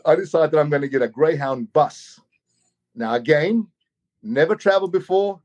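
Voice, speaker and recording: A man from Australia telling a long travel story in a casual, animated way, often repeating his words as he goes. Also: a little high, moderate pace, muffled recording. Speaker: guest storyteller.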